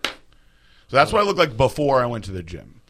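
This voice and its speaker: A young man co-hosting a casual podcast, his voice bright and forward. He talks in an animated, loose way, swears often and repeats words as he goes. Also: medium pitch, normal speed, slight background noise. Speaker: podcast host.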